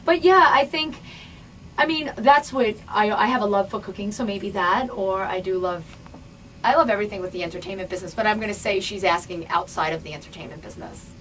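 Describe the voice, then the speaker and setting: A woman's voice: medium pitch, fairly quick, a bit bright, poor audio. Woman singer from New York, studio radio guest, bubbly and effusive, laughs easily, faint hiss. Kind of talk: casual radio interview.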